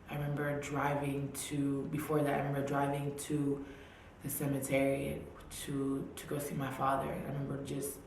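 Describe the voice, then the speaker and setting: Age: adult. Sex: woman. Pitch: low. Pace: slow. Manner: emotional personal testimony, repeats phrases, sinks into hushed near-whisper. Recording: very echoey room, faint hiss. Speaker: vlogger.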